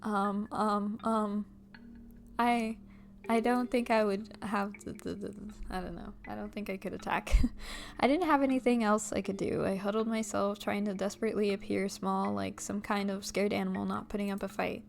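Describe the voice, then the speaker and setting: A young woman gamer reading a visual novel aloud, excitable and giggly, squealing and swearing as she reacts. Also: medium pitch, normal speed, creaky, a little hiss or hum.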